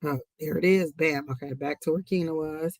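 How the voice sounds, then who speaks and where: A woman with a low, darkish voice speaks at a moderate pace with fairly even intonation, recorded without echo. She's a psychic reader hosting a live reading stream, talking emphatically, repeating phrases for effect, exclaiming to the Lord, and drifting into chatty asides to her viewers.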